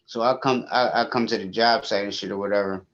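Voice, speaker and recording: A man co-hosting a podcast, telling a story in casual, profane, animated chat and laughing often. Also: lowish voice, fast talker, muffled recording. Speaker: podcast co-host.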